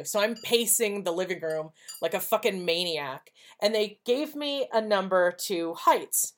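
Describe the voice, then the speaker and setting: A podcast co-host tells a personal story in a blunt, profane, casual way, acting out the dialogue as she goes. Her voice is medium-pitched and unhurried.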